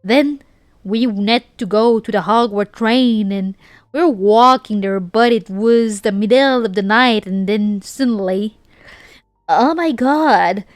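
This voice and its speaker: A woman reads as a ditzy, bragging teenage Southern girl, laying on a thick put-on drawl. The voice sits at a middling pitch and moves slowly. The sound is dry and close, with faint music underneath. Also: dry recording, close to an everyday voice. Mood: breathless. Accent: put-on American Southern. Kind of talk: reading a fanfic in a put-on voice.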